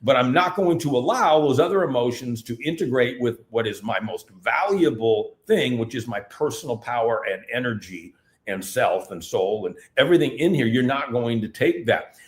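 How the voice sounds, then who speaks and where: A man's voice: medium pitch, normal speed, roomy sound. A man speaking at a live event, emphatic and repetitive as he drives his points home. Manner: animated, repetitive, emphatic delivery. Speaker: seminar speaker. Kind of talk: live talk at a festival.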